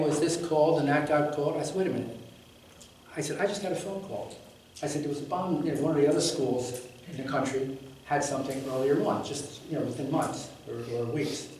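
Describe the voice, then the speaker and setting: A man's voice: on the high side, darkish tone, a little hiss or hum. A man giving a public comment at a meeting, telling a story bluntly and with exasperation, swearing and acting out what people said. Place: large meeting room. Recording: echoey meeting room from far off.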